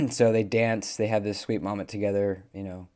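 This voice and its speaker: Male movie reviewer, lowish voice, loose rambling recap full of ums and restarts. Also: flat delivery, moderate pace, mellow. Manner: rambling, many fillers and self-corrections. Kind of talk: casual plot recap.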